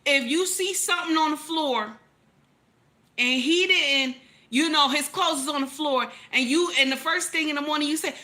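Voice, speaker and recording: A woman's voice: high voice, moderate pace, pushed and bright. Emphatic woman giving relationship advice. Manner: emphatic, repeats lines for effect, teasing rhetorical questions. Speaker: relationship commentator. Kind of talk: animated relationship advice commentary.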